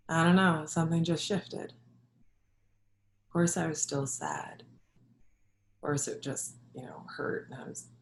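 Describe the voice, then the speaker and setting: A woman with a low voice, roughened by vocal fry, tells a personal story from her childhood. She talks reflectively and haltingly, with soft laughs. Her voice echoes around the room. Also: slight background noise. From Jamaica. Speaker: holistic health practitioner and yoga instructor.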